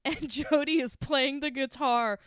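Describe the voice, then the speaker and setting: A woman's voice: high-pitched, a little slow, no room sound, studio quality. A young woman co-hosting a podcast, chatting casually as she recaps a film, laughing often, sarcastic and swearing freely. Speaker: podcast co-host.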